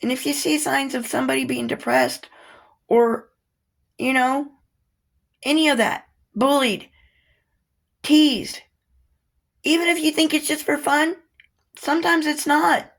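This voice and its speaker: Woman vlogger, earnest and heartfelt, gravelly fry in the voice, speaking straight to her viewers. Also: high voice, a little slow, long pauses, a bit bright. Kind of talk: personal talk to camera.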